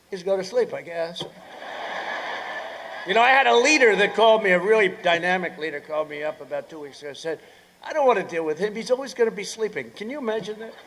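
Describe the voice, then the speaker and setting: A man in his seventies giving a rally speech, rambling through sarcastic asides, repeating phrases and breaking into shouts. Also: very high-pitched, slight background noise. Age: 70s. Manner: bursts into shouting. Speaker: politician addressing a rally.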